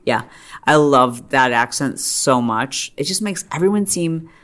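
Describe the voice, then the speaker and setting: A middle-aged woman hosting a podcast, talking in a chatty, animated way full of "like" and quick asides. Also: rumbling low. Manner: chatty, animated storytelling with frequent "like". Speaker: podcast host. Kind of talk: casual monologue.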